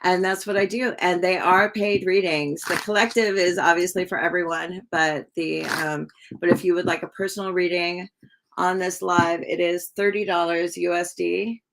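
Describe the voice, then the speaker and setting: Chatty woman tarot reader on a live stream, low-pitched with a gravelly edge, talking to viewers. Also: fairly even intonation, fairly bright tone. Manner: chatty, reads out viewer comments and answers them; slow and drawn-out with many ums.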